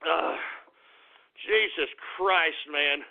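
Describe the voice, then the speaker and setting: A man with a fairly high voice and drawn-out words runs a radio call-in show, cursing and airing his frustration between callers. It's a profane call-in rant heard through a tinny, phone-like line.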